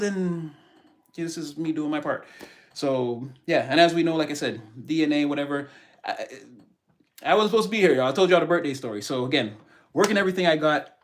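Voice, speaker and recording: Animated man on a tarot live stream. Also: fairly high pitch, a little fast. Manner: animated, preachy motivational talk, greets viewers by name. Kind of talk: casual live-stream chat.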